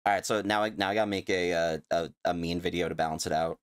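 A man's voice: sits low, steady tone, fast talker, clean tone, no room sound, studio quality. A young man vlogging his reaction in a rambling, stuttering way, laughing at himself. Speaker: YouTuber reacting to a clip. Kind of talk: casual reaction vlog.

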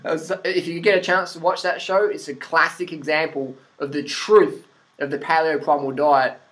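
Aussie guy ranting at the camera, swears a lot, slightly high voice, chuckles at himself. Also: little pitch movement, moderate pace, a bit bright. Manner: blunt, sweary, laughs at own points. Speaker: vlogger. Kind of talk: profane opinion rant to camera.

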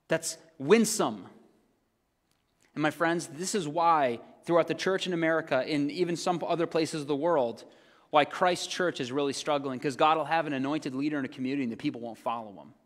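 A male pastor preaching a sermon, his voice sitting a little high for a man. He swings from loud, emphatic points down to hushed, conversational asides. His words ring out with a long hall reverb. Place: church sanctuary.

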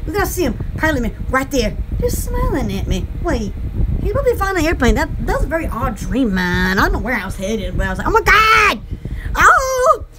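A young woman rambling through a casual vlog, excitable and giggly, her thoughts scattered. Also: high-pitched, a little fast, noisy background. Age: young adult. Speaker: channel host.

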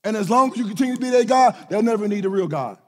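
A middle-aged male pastor, preaching a lively sermon that swings from shouts to hushed low lines. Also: rapid-fire. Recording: hall reverb.

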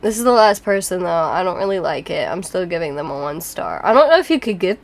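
A woman's voice: lowish voice, animated, a little fast, gravelly, few pauses, a little hiss or hum. Bubbly young woman gaming vlogger. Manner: bubbly, giggly, dramatic squeals. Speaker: gaming YouTuber. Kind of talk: casual gameplay commentary.

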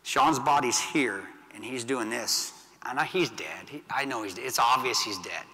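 A blunt middle-aged man telling a war story from a stage, his voice bright and forceful. His delivery swings from loud to hushed, with long reverb trailing through a big event hall. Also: mid-range voice, normal speed. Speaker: keynote speaker, veteran. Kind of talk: storytelling speech to an audience.

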